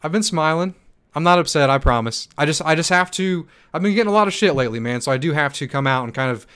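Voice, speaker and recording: A young man hosting a livestream Q&A, reading chat comments aloud and answering in a hyped, fast manner with many ums and restarts. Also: fairly high pitch, expressive, a bit bright, clean tone. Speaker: stake pool operator and channel host.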